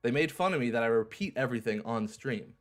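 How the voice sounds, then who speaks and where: A man's voice: medium pitch, expressive, quick pace. A young man hosting a livestream in a casual, upbeat way, repeating his phrases like an auctioneer. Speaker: livestream host.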